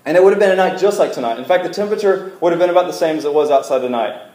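A man's voice: on the high side, rapid-fire, darkish tone, echoey room, rough recording. A man preaching a casual, joking sermon to a congregation in a church, asking them to repeat words back to him. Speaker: pastor. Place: church service room.

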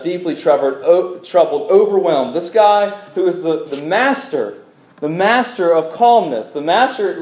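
A young male preacher tells the story in a loose, conversational way, animated and quick to throw questions and jokes at his audience. His voice sits a little high for a man. The sound carries the echo of a hall. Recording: echoey hall.

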